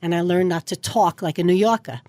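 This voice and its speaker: Lower-voiced woman coaching on a dry podcast. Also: fairly quick, a little mellow, dry recording. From New York. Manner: instructive, organized, lists points. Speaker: communication coach, guest. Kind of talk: interview answers, advisory.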